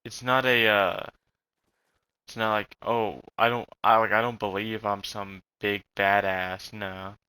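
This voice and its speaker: A man's voice: fairly low pitch, level tone, a little slow, sharp tone, clean tone, dry recording, rough recording. A young man with a slight Southern accent, ranting in a rambling, profane way while he plays a game. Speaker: vlogger. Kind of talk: rambling casual rant.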